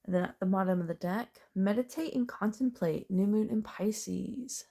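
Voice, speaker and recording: A woman's voice: mid-range voice, moderate pace, creaky, warm tone. A woman doing a casual, chatty tarot reading, thinking aloud as she turns the cards and laughing now and then. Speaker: tarot reader.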